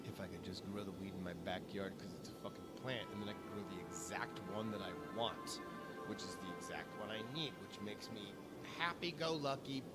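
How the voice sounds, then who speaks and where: A man ranting in a casual vlog, swearing constantly and jumping between topics with animated energy. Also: mid-range voice. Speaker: vlogger. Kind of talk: profane casual rant. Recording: clear music playing behind.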